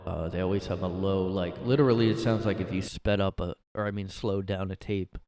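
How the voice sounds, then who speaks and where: A man's voice: sits low, steady tone, brisk, darkish tone, no echo, clean studio sound. A young man hosting a solo comedic podcast, rambling with crude jokes. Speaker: podcast host. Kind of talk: solo casual comedic talk.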